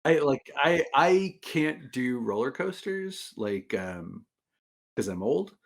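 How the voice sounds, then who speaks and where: A man's voice: medium pitch, sing-song, slow pace, creaky. A man hosting a podcast, chatting casually and ranting in mock outrage about a theme park ride. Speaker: podcast host. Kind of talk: casual chat.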